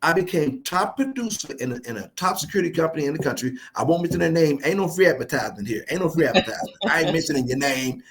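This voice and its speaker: A man guest telling stories in a fast, animated, playfully boastful way during a casual interview. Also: fairly high pitch. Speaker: guest speaker.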